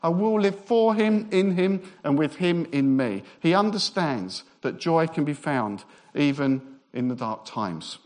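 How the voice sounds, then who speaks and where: A man preaching a Christmas sermon as pastor, emphatic and repetitive, with relaxed humorous asides. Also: fairly high pitch, a little slow. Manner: emphatic, repeats phrases for effect; conversational asides with light humour.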